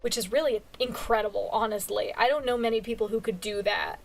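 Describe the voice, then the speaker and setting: A woman's voice: on the high side, a little fast, vocal fry, soft background music. A tired woman streamer recapping a manga in casual chat, gushing, laughing often and swearing freely. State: tired, yawning. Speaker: virtual streamer reviewing manga.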